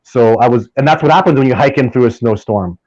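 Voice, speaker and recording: A man in relaxed interview chat, pushing his points hard and tripping over restarts as he goes. The sound is dull and lo-fi, with no room at all around the voice. His pitch sits in the middle range for a man. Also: quick pace, no echo. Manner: animated, emphatic storytelling with many restarts. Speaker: podcast guest, field researcher.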